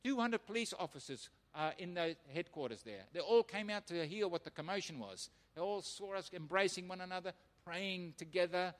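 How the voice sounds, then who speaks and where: A man preaching as a missionary pastor, telling his testimony as an animated storyteller who acts out the voices of others. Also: high-pitched, brisk, few pauses. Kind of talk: sermon testimony. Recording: long hall reverb.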